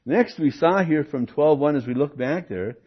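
An older man preaching an expository sermon, teaching in an animated way with rhetorical questions and occasional comic asides. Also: fairly high pitch, moderate pace, husky. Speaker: pastor. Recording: dull lo-fi sermon recording.

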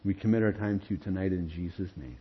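Husky-voiced pastor, dull lo-fi recording. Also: male voice, deep voice, fast talker. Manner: explanatory, keeps asking "okay?". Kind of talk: evening Bible study teaching.

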